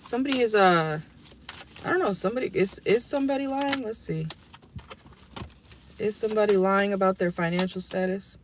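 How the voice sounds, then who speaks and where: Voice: medium pitch, brisk, long pauses, noisy background. A tarot reader in a car giving a casual, rambling and blunt reading to viewers, swearing freely. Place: inside a car.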